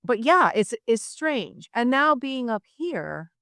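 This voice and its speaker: A middle-aged woman from Miami, a writer telling stories in an interview, chatty and animated with lots of asides. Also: fairly high pitch, takes it slowly, dry recording, studio quality. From Miami, Florida. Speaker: guest writer. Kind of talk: conversational interview.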